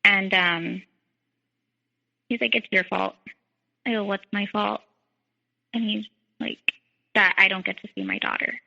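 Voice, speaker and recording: Bright, gravelly young woman, lo-fi. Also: medium pitch, steady tone, unhurried, long pauses, in a large hall. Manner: frequent "like", quotes others in dialogue. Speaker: guest. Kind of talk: telling her story in a podcast interview. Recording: dull lo-fi sound.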